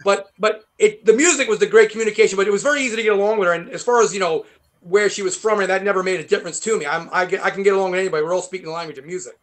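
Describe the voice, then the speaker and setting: A man with a heavy New York accent, a guest guitarist rambling through animated stories in a casual interview. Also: sits high, very fast. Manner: rambling, animated storytelling with many fillers.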